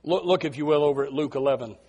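A man preaching a sermon as a pastor, telling Bible stories in an animated way and often repeating his words. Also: fairly high pitch, very fast, breathy edge, muffled recording.

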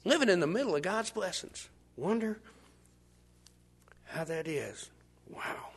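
An older man preaching a sermon, shifting from hushed asides to shouts as he acts out scenes. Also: sits high, unhurried, slightly rough. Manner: animated, swings from hushed to shouting, acts out bystanders.

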